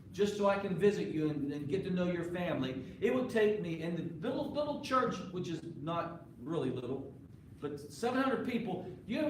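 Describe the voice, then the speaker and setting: A man's voice: high voice, slight background noise. A male pastor preaching a sermon to his congregation in a conversational way, often putting questions to the listeners. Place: church sanctuary. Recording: echoey live church recording from far off.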